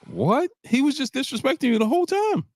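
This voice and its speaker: A man's voice: very high-pitched, no echo. Exasperated male host, dry sound. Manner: animated, exasperated, drawn-out "bro". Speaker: livestream host. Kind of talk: casual boxing chat.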